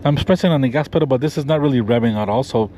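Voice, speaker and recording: A man's voice: medium pitch, rapid-fire, dark tone, slight background noise. A man presenting a car review vlog, walking around and sitting inside a pickup truck. He points out details with enthusiasm and rambles, often restarting his sentences. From Florida. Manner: enthusiastic, rambling show-and-tell with frequent restarts.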